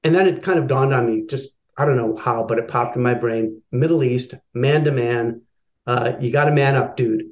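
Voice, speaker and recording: Guy telling a story from his life, lots of uh and restarts, mid pitch, kinda dull lo-fi audio. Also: moderate pace. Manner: personal, animated storytelling with filler words. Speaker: guest. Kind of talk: storytelling in an interview.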